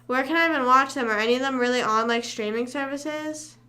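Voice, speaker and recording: A young woman rambles casually to her livestream chat. Her voice sits a little high and sounds bright and forceful. She wanders off topic and hums to herself between remarks. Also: a little fast. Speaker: livestream host.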